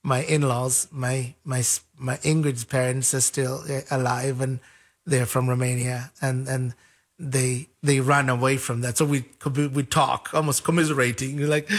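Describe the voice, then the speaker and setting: A man from Africa, a guest in an interview, telling stories in a lively way, acting out the people he quotes and often repeating words. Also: medium pitch, moderate pace, husky. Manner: animated, acts out quoted voices, repeats words. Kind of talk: conversational storytelling.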